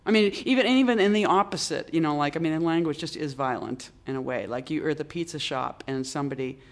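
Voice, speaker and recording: An older poet from Boston, talking in a halting way with many restarts and strong emphasis. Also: medium pitch. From Boston, United States. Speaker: poet, interview guest. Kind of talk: reflective conversation.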